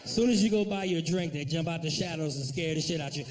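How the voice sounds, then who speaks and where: A man doing a profane, animated stand-up routine, talking straight to the crowd at a comedy club. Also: fairly high pitch, quick pace, distant mic, slight background noise.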